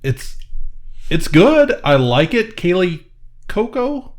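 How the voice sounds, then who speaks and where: A man's voice: high-pitched, very animated, takes it slowly. A man co-hosting a podcast in casual chat, easygoing and a little hesitant. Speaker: podcast co-host.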